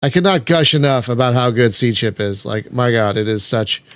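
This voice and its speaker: Excitable man gushing on a podcast. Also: mid-range voice, moderate pace, no echo. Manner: gushing, excitable, swears casually. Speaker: podcast host. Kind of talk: casual podcast chat.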